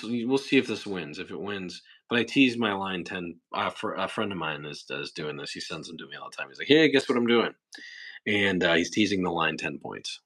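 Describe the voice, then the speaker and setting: A man's voice: fairly low pitch, a bit bright. A man hosting a casual livestream, chatting and reading viewer comments in a rambling, talkative way. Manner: rambling, chatty, quick asides. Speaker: livestream host.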